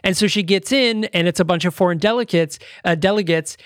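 A man's voice: sits high, brisk, a bit bright, no room sound, clean studio sound. A man co-hosting a casual movie review podcast, rambling with lots of fillers and restarts. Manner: rambling, many fillers and restarts, laughs often. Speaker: podcast co-host.

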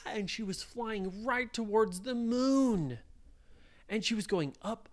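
A woman in her thirties telling a made-up bedtime story to children, slow and playful. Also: a little high, lively intonation, a little mellow.

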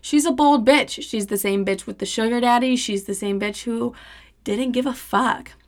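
A woman's voice: fairly high pitch, moderate pace. Young woman telling a profane story. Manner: animated, profane, acts out quoted dialogue. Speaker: podcast host. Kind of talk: casual storytelling.

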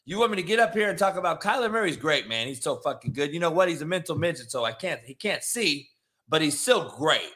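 A man's voice: fairly high pitch, lively intonation, fairly quick. A man hosting a sports talk show, ranting in a profane, combative and mocking way. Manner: profane, combative, mocking, swings from loud to hushed. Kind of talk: sports opinion rant.

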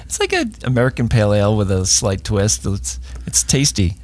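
A man co-hosting a hiking podcast, chatting casually and reading sponsor spots in a steady way. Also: fairly low pitch, a little fast. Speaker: podcast co-host.

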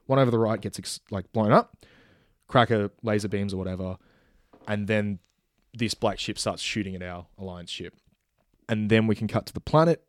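In a dry, clean studio recording, a man casually talks through an idea for a film. His delivery is full of fillers and false starts, and now and then he performs lines as the characters would say them, all at an ordinary speed.

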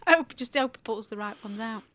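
A woman's voice: a little high, animated, brisk, fairly bright tone, no room sound. A middle-aged woman, chiming in on a shared story with lots of giggling. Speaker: co-host. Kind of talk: casual chat.

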